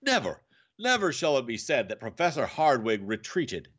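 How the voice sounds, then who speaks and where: A man's voice: mid-range voice, huge pitch swings, normal speed, a bit bright. A man reading a novel aloud and voicing a stubborn, fiercely determined old male professor, by turns tender and harsh. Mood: vehement. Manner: tender then harsh and menacing.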